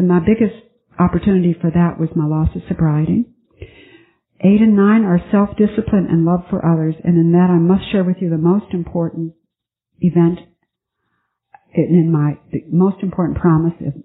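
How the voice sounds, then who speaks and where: A woman sharing her recovery story at a twelve-step meeting, earnest and halting with many restarts. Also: on the low side. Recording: tinny phone-like conference tape.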